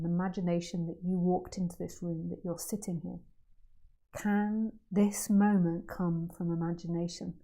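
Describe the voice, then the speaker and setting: A woman teacher speaks to a small group about non-duality. She is playful and jokey, dropping to hushed questions and then breaking into excited outbursts. Her pitch sits in a middle range for a woman. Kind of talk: spiritual talk to a group.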